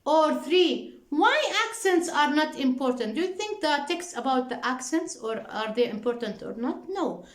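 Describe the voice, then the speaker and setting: A woman teaching an English workbook lesson with an Arabic accent, slowly repeating answers and prompting the class with questions. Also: high voice, expressive, roomy sound, rough recording. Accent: Arabic-speaking. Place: classroom with a board.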